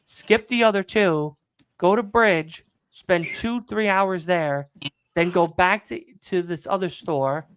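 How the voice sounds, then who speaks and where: A man's voice: sits high, slow pace, a bit bright, smooth, no room sound. A man doing a pushy salesman boss. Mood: bossy. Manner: bossy, rattling off instructions. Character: pushy male salesman giving orders.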